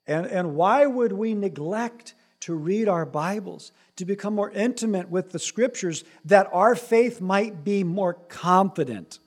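A man's voice: high-pitched, unhurried, hardly any pauses. A man preaching a sermon as pastor, reading scripture aloud and building to emphatic, raised passages.

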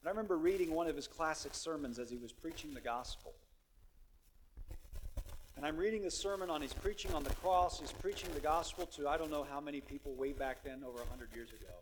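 A man preaching a sermon, moving between hushed storytelling and loud, emphatic exhortation. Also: a little high, fairly quick, a little hiss or hum.

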